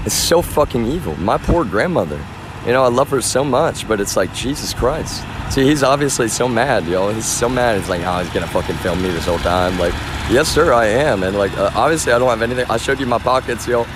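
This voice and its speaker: A male streamer chats live from outdoors, his voice sitting at an ordinary middle pitch. He rambles in an agitated way, swears freely, and keeps calling out to his viewers. Faint outdoor noise stays behind him. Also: animated, fairly quick. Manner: agitated, rambling, profane, addresses viewers as y'all. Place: outdoors in a front yard.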